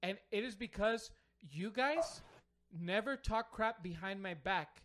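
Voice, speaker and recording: A man's voice: high voice, a little slow, a crowd in the background. A young man co-hosting a podcast, chatting casually among friends in a rambling way, full of fillers. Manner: rambling, heavy with fillers like "you know". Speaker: podcast co-host.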